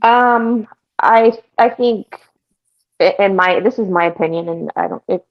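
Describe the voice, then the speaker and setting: Gravelly low woman on a dull line. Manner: hesitant, measured, dismissive. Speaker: panelist. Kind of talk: casual opinion commentary.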